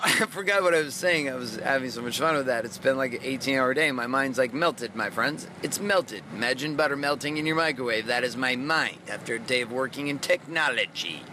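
A man's voice: a little high, lively intonation, fairly quick, sharp tone, a little hiss or hum. A man in his thirties hosting a motivational podcast, talking bluntly and energetically with plenty of swearing. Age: 30s. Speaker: podcast host, coach. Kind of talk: motivational monologue.

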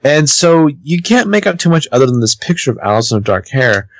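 A man's voice: medium pitch, brisk, dry recording. Chatty man recapping a show. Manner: chatty, animated, swears casually. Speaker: podcast co-host recapping a TV episode. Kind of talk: casual chat.

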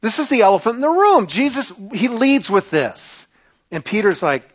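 A man preaching a sermon to a congregation, animated and acting out the voices he quotes. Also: sits high, normal speed, breathy edge. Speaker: pastor.

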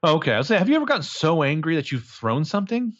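A man's voice: fairly high pitch, very animated, rapid-fire, lo-fi sound. A man casually recapping a movie as a podcast co-host, crude and joking, rambling with lots of fillers.

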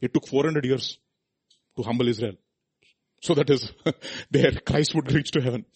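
Preaching a sermon, this man poses rhetorical questions and alternates between loud, emphatic lines and quiet asides. His husky voice sits at medium pitch and moves at a moderate pace.

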